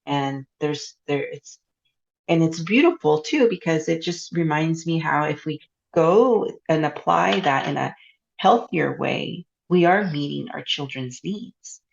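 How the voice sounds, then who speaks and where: A woman hosts the podcast with a low, gravelly voice. She asks questions and reflects in an encouraging way, often adding a soft "mm-hmm". The audio is slightly dull and muffled. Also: expressive, unhurried. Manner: reflective, encouraging, says frequent affirming "mm-hmm". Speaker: podcast host. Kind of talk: casual interview.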